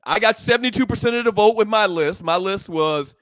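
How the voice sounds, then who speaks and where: A man co-hosts a sports talk podcast, playfully teasing his brother and laughing often. His voice is high-pitched and brisk, recorded with no echo.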